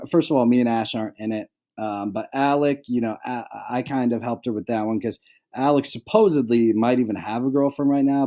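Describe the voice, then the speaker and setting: A man's voice: medium pitch, dark tone. A young adult man hosting a casual fantasy football recap, rambling with lots of "like" and "um" and joking about his friends. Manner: rambling, full of "like" and "um"; jokey, handing out mock penalties to friends.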